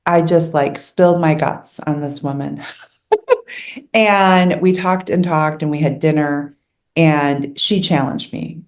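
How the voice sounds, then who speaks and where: Earnest middle-aged woman, low voice. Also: slow. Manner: earnest, candid, emotional retelling. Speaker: interview guest. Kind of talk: personal storytelling in an interview.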